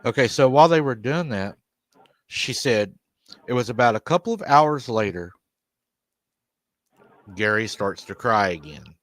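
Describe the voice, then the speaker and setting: A man's voice: mid-range voice, animated, measured pace, long pauses, dry recording. A man hosting a paranormal show, telling a family's haunting story at length and repeating "she said" over and over. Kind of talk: storytelling retelling an interview.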